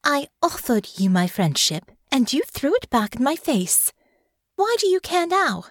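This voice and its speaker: A woman voicing a sharp, indignant young noblewoman. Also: sits high, sing-song, a little slow, no echo, studio quality, pitched above the performer's own voice.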